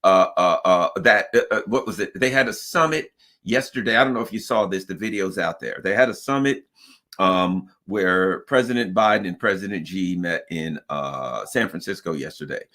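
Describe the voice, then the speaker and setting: A man hosting casual political talk, emphatic and halting with fillers. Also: low-pitched, sharp tone. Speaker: host.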